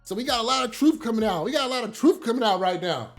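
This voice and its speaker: Young man, TV recap host, quick, high voice, slangy, profane, animated. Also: faint music behind. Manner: animated, slangy and profane, acts out characters' lines. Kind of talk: casual recap commentary.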